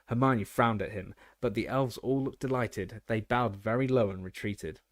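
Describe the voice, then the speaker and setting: A man narrating an audiobook in a steady reading voice, now and then restarting a word. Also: lowish voice, moderate pace, no room sound, clean studio sound. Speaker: audiobook reader.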